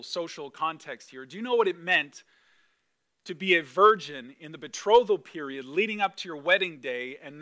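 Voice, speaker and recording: High, bright-voiced male preacher. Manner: animated, conversational, with emphatic repetition. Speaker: pastor. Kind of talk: sermon.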